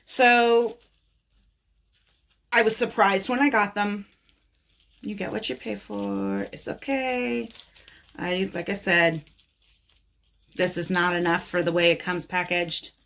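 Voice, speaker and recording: A woman's voice: mid-range voice, flat delivery, takes it slowly, pauses often, a bit bright. A woman nail technician chatting casually and bluntly while showing nail art supplies she bought. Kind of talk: casual product haul talk.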